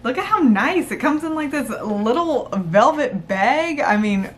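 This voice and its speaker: High-voiced gushing young woman vlogger. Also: animated, unhurried, noisy background. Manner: gushing, squealing, rambling with fillers. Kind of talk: excited unboxing vlog.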